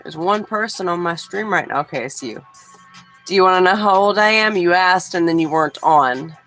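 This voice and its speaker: A woman's voice: fairly low pitch, normal speed, faint music behind, low-quality recording. A woman in her forties from Texas, chatting casually with viewers on her livestream. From Houston, Texas. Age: 40s. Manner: relaxed, chatty, talks straight to chat. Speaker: livestream host.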